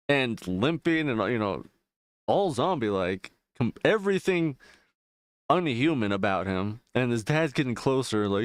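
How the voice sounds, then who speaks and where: A man's voice: mid-range voice, normal speed, smooth, no echo. A male streamer chatting casually while gaming, rambling and swearing freely, full of fillers. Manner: rambling, profane, loose retelling with frequent fillers.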